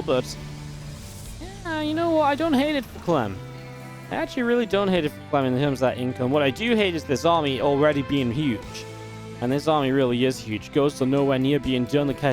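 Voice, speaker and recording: A man casting a real-time strategy match alone, in energetic play-by-play commentary with chatty asides. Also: mid-range voice. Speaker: esports caster. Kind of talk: solo play-by-play game commentary.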